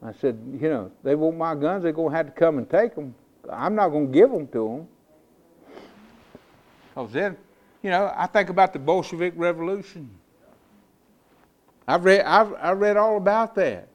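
An older man, preaching in a folksy storytelling way that swells into loud, emphatic declarations. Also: a little high, expressive, moderate pace, pauses often, lo-fi sound. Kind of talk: sermon.

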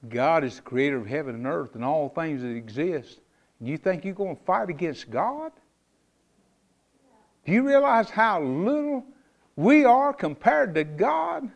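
A middle-aged man from North Carolina, preaching a fervent sermon with sudden loud rises and quiet drops. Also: a little high, very animated, measured pace, creaky. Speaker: pastor.

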